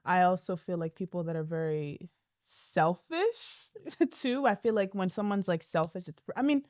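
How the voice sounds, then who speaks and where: A woman from Nigeria with a fairly low voice talks casually as a podcast guest. She fills her sentences with "like" and thinks out loud. The recording is dry and close. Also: a little slow, no room sound. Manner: chatty, peppers speech with "like". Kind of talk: casual chat.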